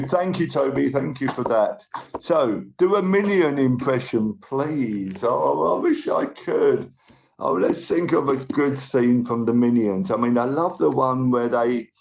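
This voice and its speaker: A man's voice: medium pitch, gravelly. A middle-aged man, hosting a rambling live stream and greeting and thanking viewers. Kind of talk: casual live-stream chat. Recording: roomy room with faint noise.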